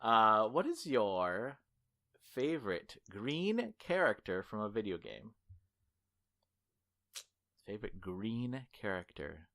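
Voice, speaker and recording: A man's voice: on the low side, sing-song, slow pace, long pauses, bright, forceful tone. A man hosting a gaming podcast, chatting casually with co-hosts and often laughing as he rambles. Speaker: podcast host. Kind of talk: casual chat.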